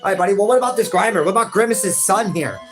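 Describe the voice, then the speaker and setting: A man's voice: high-pitched, lively intonation, racing, over music. A man hosting a game playthrough in casual banter, laughing easily and calling his partner "buddy". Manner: laughs a lot, calls the other "buddy". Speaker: host. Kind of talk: casual let's-play banter.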